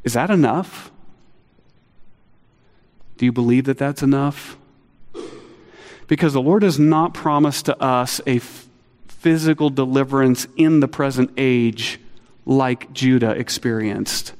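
A middle-aged man preaching a sermon, earnest and animated, acting out quotes with a lifted voice. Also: unhurried, long pauses. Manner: earnest, animated, acts out quotes with rising pitch. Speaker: pastor. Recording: long hall reverb.

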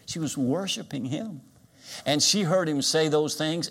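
An older man preaching a sermon, moving from quiet storytelling to loud, drawn-out emphasis. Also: fairly high pitch. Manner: dynamic preaching, swings loud and soft. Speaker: guest preacher.

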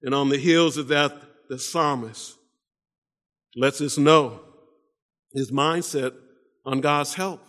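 A man with a high voice preaching slowly and deliberately, pressing each point with repeated phrases and doubled-up restarts. His voice rings out with a long hall reverb around it. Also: fairly bright tone. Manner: preaching with emphatic repetitions and stammered restarts. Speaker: pastor. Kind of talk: sermon.

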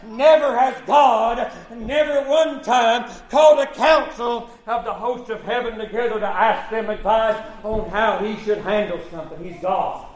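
A man preaching a sermon, swinging between shouted lines and quiet asides. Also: high voice, roomy sound, rough recording.

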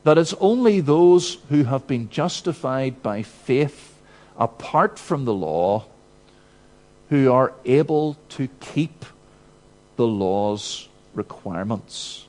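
A male preacher speaks at a slow, deliberate pace in a middle-pitched voice. He teaches with emphatic repetition and asks his listeners rhetorical questions. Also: lively intonation, darkish tone. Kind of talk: expository sermon.

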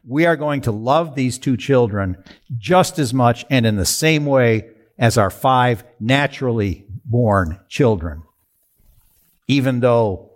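A man preaching a sermon, asking the congregation rhetorical questions and answering them himself. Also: medium pitch. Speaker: pastor.

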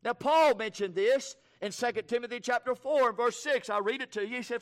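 A man preaching a sermon, rising from low, quick passages to shouted, fervent proclaiming.

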